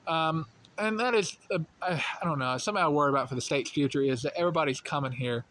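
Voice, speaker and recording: A man's voice: on the high side, fast, a bit bright, a little hiss or hum. A young man from rural North Carolina with a light Southern accent, talking in a casual, rambling monologue full of fillers and restarts. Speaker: channel host.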